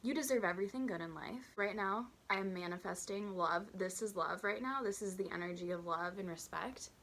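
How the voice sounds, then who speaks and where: A woman in her twenties telling a storytime vlog, chatty and animated, acting out customers and her own waitress voice. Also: mid-range voice, a little fast. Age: 20s. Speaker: vlogger.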